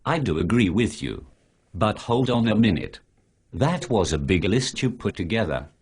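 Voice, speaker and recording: A sarcastic, preachy male superhero from an animated short, spoken by a computer voice. He is very deep and rough-edged and lectures in long lists. His pitch jumps around a lot. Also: normal speed. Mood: arguing. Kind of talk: synthetic animated dialogue.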